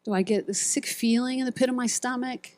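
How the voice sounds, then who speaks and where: A woman's voice: on the high side, fairly even intonation, a little fast, darkish tone, no echo. A middle-aged woman giving a sermon at a retreat, telling stories and acting out quoted voices and buzzer sounds. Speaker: speaker at a ministry retreat.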